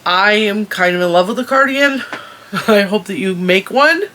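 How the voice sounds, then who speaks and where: A woman's voice: mid-range voice, moderate pace, sharp tone, a little hiss or hum. A woman hosting her own crochet tutorial channel, chatty and giggly, often stopping to correct herself as she explains.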